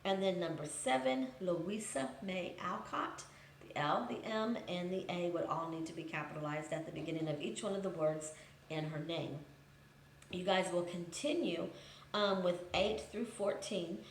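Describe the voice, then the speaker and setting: A woman's voice: on the low side, moderate pace, reverberant, slight background noise. A woman teacher giving a grammar lesson to students, reading out example sentences and patiently explaining each one. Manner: patient, methodical, reads example sentences aloud then explains.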